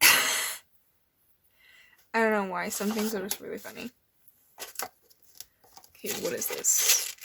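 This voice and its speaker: A woman's voice: mid-range voice, steady tone, slow, vocal fry, pauses often, very noisy. A young woman casually rambling as she flips through her old sketchbooks, nervous and full of fillers. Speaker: artist showing old sketchbooks.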